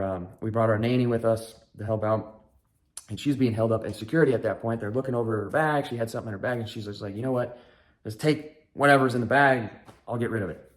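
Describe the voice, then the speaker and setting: A man in his thirties with a somewhat low voice recounts a story in a loose, candid monologue. He rambles and restarts now and then, and adds a dry, self-mocking humor. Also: darkish tone. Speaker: podcast host, father.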